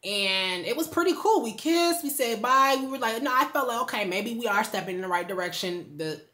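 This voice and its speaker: A young woman chatting casually to her viewers in a storytime vlog, animated and full of slang, recorded indoors at home. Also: on the high side, fairly quick. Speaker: storytime vlogger.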